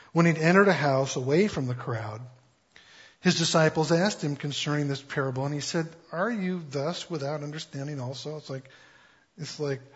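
A man's voice: medium pitch, husky. A man preaching a conversational Bible-teaching sermon in a casual, humorous way, with lots of fillers. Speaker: pastor. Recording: dull lo-fi recording.

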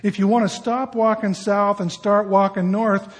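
A man's voice: sits high, steady tone, moderate pace. A middle-aged man preaching a sermon in a conversational, emphatic way with rhetorical questions.

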